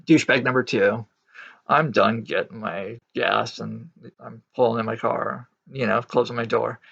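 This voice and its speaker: A man's voice: mid-range voice, fairly even intonation, unhurried, gravelly, a bit bright, breathy edge. A man talking in a casual, reflective vlog, rambling with many fillers and restarts and speaking bluntly. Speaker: Christian vlogger. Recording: dull lo-fi recording.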